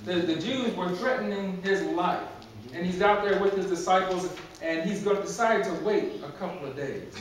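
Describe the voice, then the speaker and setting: Preaching at a moderate pace, a man with a high-sitting voice keeps his sermon conversational and humorous, repeating words and laughing at his own jokes. He is in a church sanctuary, recorded distantly in a very echoey hall with slight background noise.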